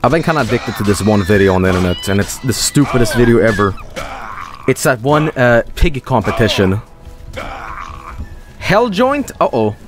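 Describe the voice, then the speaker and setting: A man rambles through casual gameplay commentary from a home streaming setup, his pitch leaping up and down as he talks. He swears freely and bursts into sudden high-pitched exclamations. Faint music plays underneath. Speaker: streamer playing a game.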